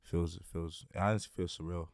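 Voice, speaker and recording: A young man from Greece who talks with an American accent answers questions in an easygoing way, leaning on "um" and "like" as he goes. His voice is low and smooth. The sound is close and dry. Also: steady tone, brisk, dry recording. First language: Greek. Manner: laid-back, many fillers like "um" and "like". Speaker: guest, basketball player. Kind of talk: casual interview chat.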